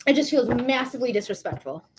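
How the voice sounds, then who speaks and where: A woman's voice: fairly high pitch, lively intonation, quick pace, noisy background. A woman hosting a live psychic reading stream, chatting casually in a blunt, profane way with frequent laughs. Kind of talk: casual livestream chat.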